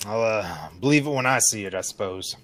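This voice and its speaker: A man playing a tabletop game, talking in a gruff, blunt way. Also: lowish voice, animated, a little fast, a bit bright. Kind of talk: casual in-character play.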